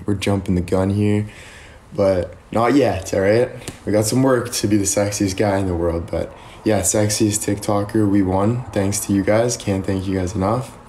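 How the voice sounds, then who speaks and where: A man's voice: on the low side, dark tone, slight background noise. A young man from Canada chatting casually on a live stream, rambling and thanking viewers as he goes.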